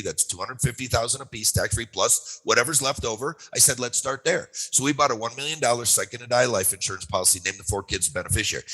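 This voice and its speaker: A man in his sixties talks as a guest expert with a quick, bright delivery. He drives his points home with punchy repeated phrases and rhetorical questions, and his voice sounds forceful and fast. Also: mid-range voice, slightly rough, poor audio. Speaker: retirement income author and guest. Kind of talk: animated explanation.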